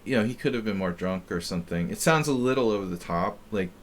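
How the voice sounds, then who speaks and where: A middle-aged man hosting a chess stream, chatting casually in a rambling, halting way with lots of fillers and restarts. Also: fairly low pitch, lively intonation, slight background noise. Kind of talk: casual chat while playing.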